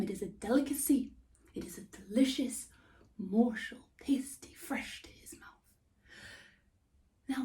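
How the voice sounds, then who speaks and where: A woman telling a fairy tale in a hushed, often whispering, unhurried voice. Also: medium pitch, distant mic. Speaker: storyteller. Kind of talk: soft whispered storytelling.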